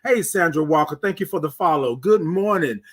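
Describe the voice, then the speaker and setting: A man with a Texan accent hosting a live morning stream, chatting with viewers and singing out long, drawn-out greetings. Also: on the high side. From Texas. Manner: animated, sings out drawn-out greetings. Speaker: host.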